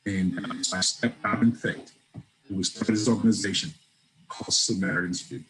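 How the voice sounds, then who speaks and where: Animated male storyteller. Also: low-pitched, normal speed, a crowd in the background, low-quality recording. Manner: animated storyteller, acts out dialogue. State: breaks up at times on the line. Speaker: guest. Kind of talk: storytelling interview.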